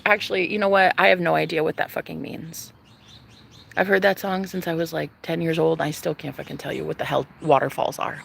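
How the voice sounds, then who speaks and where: A woman in her thirties, a vlogger, ranting casually to her viewers, animated and profane, jumping from loud outbursts to whispers. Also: sits low, fairly quick, gravelly, breathy edge. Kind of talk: casual rant to camera.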